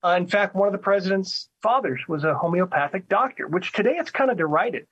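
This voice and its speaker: A man's voice: high voice, animated, fairly quick, fairly bright tone, husky, muffled recording. A man hosting a talk show, delivering a casual commentary monologue, often repeating words and asking "right?". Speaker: radio talk show host.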